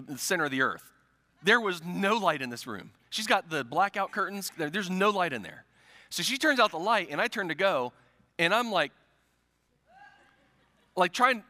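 A man's voice: high-pitched, bright, forceful tone, long reverb tail. A middle-aged male pastor preaching a sermon, telling stories and asking rhetorical questions, in a church sanctuary.

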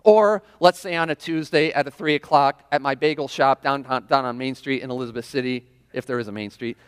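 In a church sanctuary, a pastor with a clear, resonant, medium-pitched voice preaches a little fast. He talks casually and often checks in with the congregation, tossing out questions and frequent "right?"s. The recording carries the long reverb of a large hall.

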